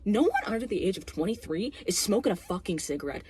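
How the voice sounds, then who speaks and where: Young woman with a husky voice. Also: mid-range voice, quick pace. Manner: sarcastic, expressive, swears, fillers. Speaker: movie reviewer. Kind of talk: casual movie rant.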